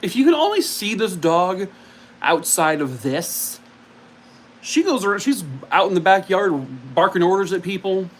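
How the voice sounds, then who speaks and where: A man's voice: high voice, expressive, normal speed, a little hiss or hum, rough recording. A man hosting a casual live stream from home, chatting and cooing at his dog. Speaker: streamer host.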